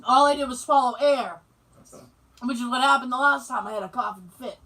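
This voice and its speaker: A woman co-hosting a podcast, telling a story in casual chat, animated and swearing freely. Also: high voice, a little fast, distant mic, low-quality recording. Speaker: podcast co-host.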